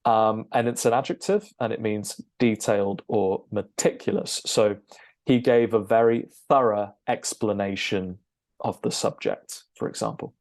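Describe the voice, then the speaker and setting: Low-voiced man teaching pronunciation. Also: darkish tone. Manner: patient, explanatory, with frequent "okay?" check-ins. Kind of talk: explanatory lesson.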